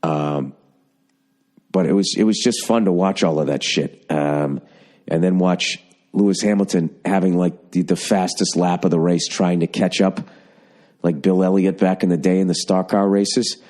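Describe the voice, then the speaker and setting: A man's voice: sits low, steady tone, normal speed, a little mellow. A man hosting a podcast, telling rambling, profane stories in casual chat. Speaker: podcast host.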